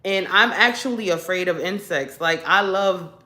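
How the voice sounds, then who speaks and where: A woman's voice: on the low side, normal speed, pushed and bright, roomy sound. A woman hosting a casual livestream who tells rambling stories, laughs often, and sounds congested. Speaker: livestream host. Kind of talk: casual chat with viewers.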